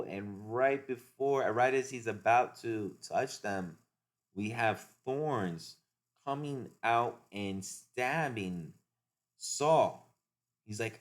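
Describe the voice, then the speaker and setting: A man recapping a comic chapter in a relaxed, unhurried way. His voice sits low, and he fills his narration with casual asides. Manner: laid-back, filler-heavy narration.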